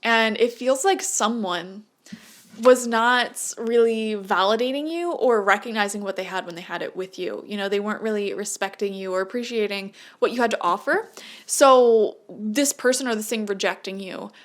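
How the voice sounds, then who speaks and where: A young woman giving a casual, chatty tarot reading who laughs often and breaks into lively, high-pitched asides. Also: normal speed. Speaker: tarot reader.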